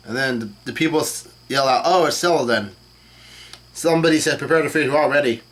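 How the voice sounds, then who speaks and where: A man's voice: medium pitch, fast. Casual man reading a comic aloud. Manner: reads dialogue aloud flatly, with fillers and self-corrections. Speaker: channel host reacting to a comic chapter. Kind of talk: casual live reading and commentary.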